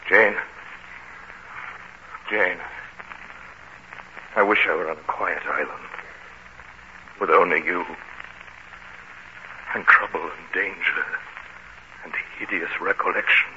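Rochester, deep and forceful. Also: male voice, slow, pauses often, exaggerated voice. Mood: brooding. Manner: forceful, intense, commanding. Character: brooding, commanding master of the house, gruff. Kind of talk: vintage radio drama. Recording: dull old radio recording, faint hiss.

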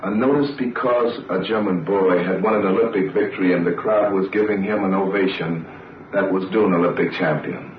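A man, an Olympic sprinter, recounting his race in a deliberate, oratorical way, on an old archival recording. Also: deep voice, a little hiss or hum. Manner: deliberate, oratorical, repetitive phrasing. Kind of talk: dramatic personal recollection. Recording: roomy, distant, old lo-fi recording.

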